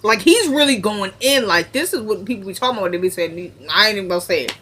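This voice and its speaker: A woman's voice: mid-range voice, fast, a little hiss or hum. Chatty woman recapping a show. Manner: chatty, animated, off the cuff. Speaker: vlogger recapping a TV episode. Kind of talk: casual chat.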